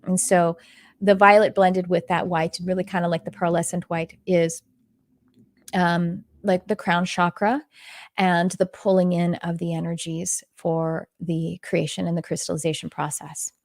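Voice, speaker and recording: A woman's voice: lowish voice, flat delivery, a little slow, darkish tone, dry recording, clean studio sound. A middle-aged woman from Texas, a spiritual teacher talking casually on a live stream, rambling and earnest with many fillers and restarts. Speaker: spiritual teacher giving intuitive readings.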